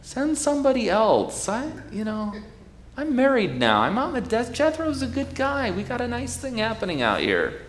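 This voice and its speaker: Reluctant man full of excuses voiced by a male preacher, high and fumbling, sermon retelling. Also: huge pitch swings, moderate pace, slight background noise, exaggerated voice. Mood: pleading. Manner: high-pitched, stammering, pleading.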